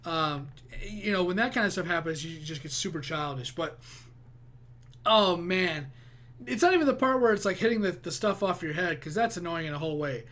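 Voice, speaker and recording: A man's voice: high-pitched, lively intonation, moderate pace, fairly bright tone. A man giving casual, profane reaction commentary, rambling with many restarts. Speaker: reaction video host.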